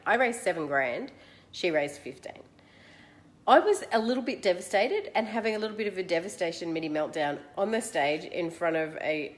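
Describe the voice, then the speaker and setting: An Australian woman in her forties, hosting and telling a personal story in a chatty, animated, self-mocking way. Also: lowish voice. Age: 40s. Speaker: host.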